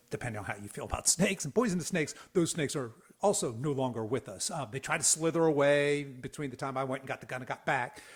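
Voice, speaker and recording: Man, 50s, from the southeastern US, podcast host, casual storytelling, folksy, animated, mid pitch. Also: slightly rough. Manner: animated, folksy, lots of restarts and laughs.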